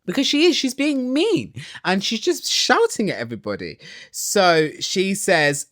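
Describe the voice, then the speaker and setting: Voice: mid-range voice, very animated, a little slow, fairly bright tone, no room sound, studio quality. A vlogger ranting casually and sarcastically through a reality TV recap, opinionated and swearing.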